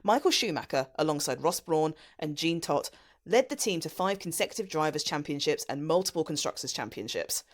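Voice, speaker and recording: A woman co-hosting a casual podcast, chatty and quick to laugh as she explains things. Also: low voice. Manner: chatty, lively, laughs often. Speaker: podcast co-host.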